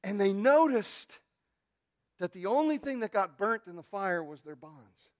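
A male pastor preaching a sermon, telling a story and swinging from quiet, intimate asides to loud, shouted peaks. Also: sits high, big pitch swings, measured pace.

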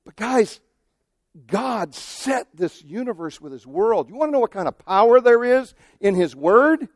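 A male pastor preaching a sermon, animated, acting out quoted voices and swinging from loud to hushed. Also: sits high, measured pace, no echo, clean studio sound.

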